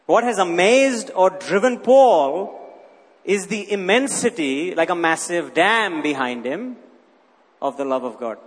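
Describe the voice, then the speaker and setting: A man's voice: high-pitched, animated, a little slow, husky. A man preaching a sermon, teaching with emphatic rhetorical questions and repeating his key phrases. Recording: long reverb of a large hall.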